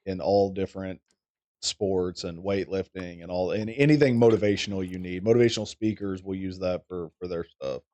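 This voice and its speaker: Low-voiced, rambling podcast co-host man. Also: normal speed, dark tone. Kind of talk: casual chat.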